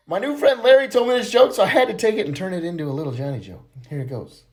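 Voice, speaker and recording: A man's voice: high-pitched, expressive, fast talker, hardly any pauses, darkish tone, breathy edge. A man telling jokes in a casual, chatty way and laughing at his own punchlines. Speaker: joke teller.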